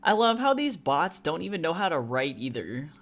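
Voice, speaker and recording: Streamer, casual live chat while drawing, rambling, many fillers, reads chat aloud, sudden loud high jokey bursts. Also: very animated, moderate pace. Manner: jumps into much higher, louder bursts when joking. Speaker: streamer and artist.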